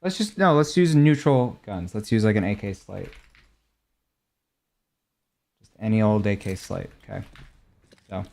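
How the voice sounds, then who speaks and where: A man's voice: on the low side, normal speed, vocal fry. Laid-back young man chatting to viewers. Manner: relaxed, chatty, answers viewers' questions. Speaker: gaming streamer. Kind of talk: casual chat while showing game skins.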